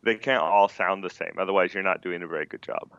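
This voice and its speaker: Low-voiced, bright, animated man. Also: fast talker, clear, resonant tone, no echo, highs cut off. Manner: animated, opinionated, frequent "you know" fillers. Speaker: manga translator guest. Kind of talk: podcast conversation.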